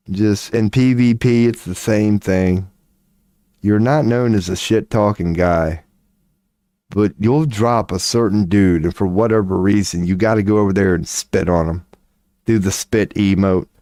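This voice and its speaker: A man's voice: on the low side, mellow, no echo, clean studio sound. A man hosting a livestream, chatting casually and rambling with swearing and laughter. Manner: profane, laughing, rambling storyteller. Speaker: livestream host.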